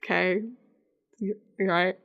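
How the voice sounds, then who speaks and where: A woman's voice: fairly low pitch, level tone, takes it slowly, gravelly, a bit bright, muffled recording. A woman co-hosting a podcast, chatting casually as she recaps a TV episode, laughing often and acting out quotes from it. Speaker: podcast co-host.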